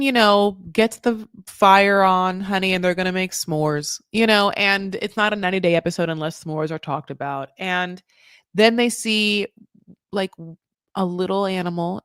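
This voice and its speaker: A woman hosting a casual recap show, talking in an animated, gossipy way with sudden jumps in pitch and loudness, dropping "honey" and "like" all the time. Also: clean tone, no echo, clean studio sound. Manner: says "honey" and "like" often. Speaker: podcast host recapping a reality show. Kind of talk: casual commentary.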